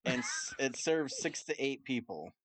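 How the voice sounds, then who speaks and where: A man's voice: medium pitch, animated, unhurried, crowd noise. A man hosting a comedic podcast, teasing the others and reading out recipes in casual chat. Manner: teasing, quizzing, reads out recipes. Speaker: podcast host. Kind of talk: casual comedic chat over a remote call.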